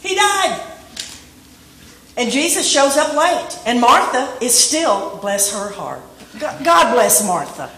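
A woman preaching a sermon in church, telling a story and rising to shouts on key points. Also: a little high, sing-song, slow, slight background noise. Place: church sanctuary. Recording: echoey room from far off.

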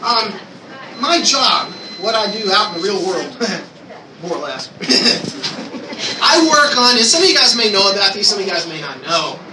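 A man with a very high voice tells a personal testimony to a church gathering, animated and acting out his own prayers. He is picked up from a distance in an echoey room, with clear ambient noise behind him. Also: a little slow. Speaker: church speaker sharing a testimony.

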